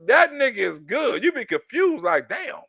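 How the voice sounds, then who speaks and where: A man giving loud, profane reaction commentary, laughing and mimicking a politician as he talks. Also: very high voice, moderate pace, creaky, slightly rough, no room sound. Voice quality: animated, profane, laughing while talking. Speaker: commentary YouTuber.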